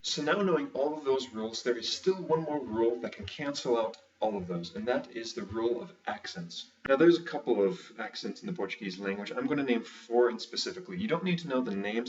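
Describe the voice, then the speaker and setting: A man explains a language lesson one rule at a time and drops in dry, wry asides. He sits back from the mic, and the sound is dull and muffled. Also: medium pitch. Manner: dry, wry asides while walking through rules step by step. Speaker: language teacher. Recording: muffled, somewhat distant mic.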